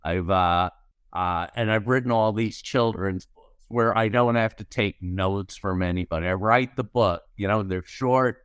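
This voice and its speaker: A man's voice: fairly low pitch, a little slow, a bit bright, clear, resonant tone, no echo, studio quality. A man in his sixties, a comedy writer, telling wry anecdotes in a podcast interview and acting out the lines of people in his stories. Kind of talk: storytelling interview chat.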